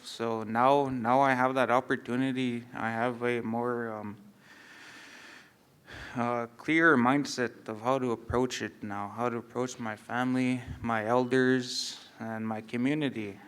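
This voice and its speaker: A man on a panel who grew up on a reserve, speaking hesitantly and reflectively with many pauses. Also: medium pitch, flat delivery, clear, resonant tone. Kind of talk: panel discussion.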